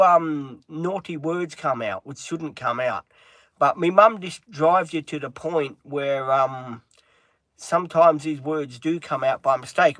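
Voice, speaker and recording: A man's voice: a little high, fairly bright tone, no room sound. A middle-aged man chatting on a live stream from inside a van, rambling with lots of ums and breaking off to talk to his dog. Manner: rambling, with many filler ums. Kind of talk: casual live-stream chat.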